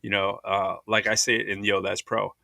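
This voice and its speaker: A man in his thirties co-hosts a casual podcast, his lowish, gravelly voice moving at a moderate pace with no room sound. He's an animated storyteller who acts out the voices of the people he quotes.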